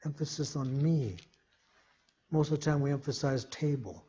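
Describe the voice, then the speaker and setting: A man preaching a sermon, reading scripture slowly and emphatically and explaining it as he goes. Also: fairly high pitch, mellow, slightly rough. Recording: dull lo-fi sermon recording.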